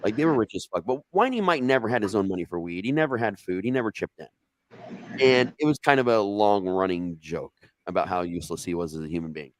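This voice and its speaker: A man's voice: lowish voice, quick pace, no echo. A man from Ohio telling a casual anecdote, swearing freely and acting out the dialogue as he goes. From Ohio, USA. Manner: profane, animated, acts out quoted dialogue. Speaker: storyteller guest.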